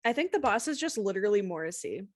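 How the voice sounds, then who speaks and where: A woman's voice: medium pitch, big pitch swings, fast. A woman running a tabletop role-playing game as game master, chatty and full of fillers as she describes the scene.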